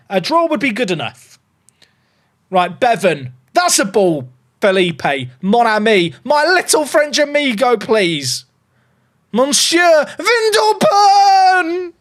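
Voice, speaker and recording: A man, chatting to his viewers while streaming a game, swinging between casual chat and mock panic. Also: sits high. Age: 30s. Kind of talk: live-stream gaming chat.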